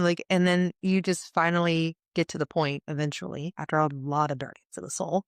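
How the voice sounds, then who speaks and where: Woman, podcast host, deep low voice, earnest flowing talk, dry close sound. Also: level tone, brisk, few pauses, smooth, dry recording. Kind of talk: heartfelt spiritual conversation.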